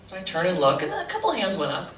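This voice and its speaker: A middle-aged woman telling funny stories at a fundraising breakfast, later leading a slow, gentle meditation. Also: mid-range voice, slight background noise. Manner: animated, jokey storytelling with self-mocking asides; shifts to slow, soft guided-meditation voice. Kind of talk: motivational talk on stress with humor. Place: large event room. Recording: echoey room, voice from a distance.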